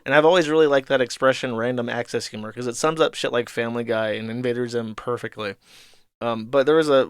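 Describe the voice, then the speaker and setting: A man's voice: medium pitch, smooth, no room sound, clean studio sound. A man in his thirties hosting a podcast, casually reading and commenting on a comic in a rambling, profane way with laughing asides. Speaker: podcast host.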